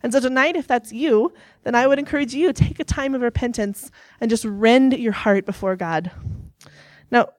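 Young woman preacher, earnest storyteller, slightly high voice, dry close recording. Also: normal speed, a little mellow, no room sound. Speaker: youth speaker. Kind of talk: sermon.

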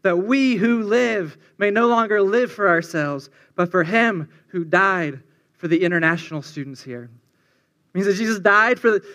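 High-voiced man preaching a campus sermon. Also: measured pace, fairly bright tone. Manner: earnest, repetitive, building refrains.

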